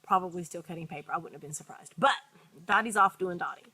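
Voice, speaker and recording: A woman's voice: on the low side, fast talker, husky. A woman co-hosting a casual chat, telling a story with many restarts and acting out what people said. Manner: animated storyteller, acts out quotes, many restarts. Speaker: podcast co-host.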